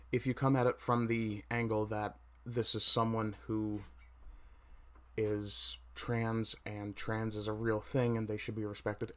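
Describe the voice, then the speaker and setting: A man with a low voice hosts a casual home livestream, talking loosely to his chat. He pauses often and fills the gaps with ums and uhs. His mic sits right under his chin. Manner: hesitant, many fillers, reads chat aloud. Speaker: livestream host.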